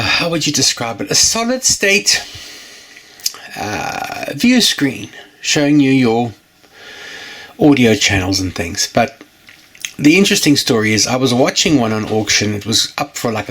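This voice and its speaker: A man's voice: medium pitch, animated, measured pace, pauses often, fairly bright tone, slightly rough. A man hosting his own channel in a casual chat to camera, rambling and jokey, often correcting himself mid-sentence. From United Kingdom. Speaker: channel host.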